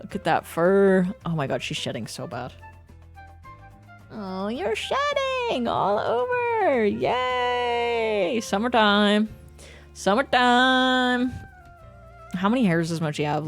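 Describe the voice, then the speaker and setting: A woman's voice: medium pitch, lively intonation, a little fast, faint music behind. A woman hosting a livestream, chatting casually with viewers, swearing freely and fussing over her pet. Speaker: livestream host. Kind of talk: casual chat with stream viewers.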